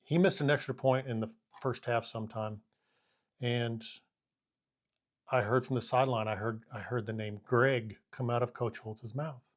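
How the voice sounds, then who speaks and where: A man's voice: mid-range voice, moderate pace. A man in his fifties, a former college punter who now coaches kickers, casually telling anecdotes and acting out the scenes. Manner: animated storyteller who acts out the scene with quoted lines.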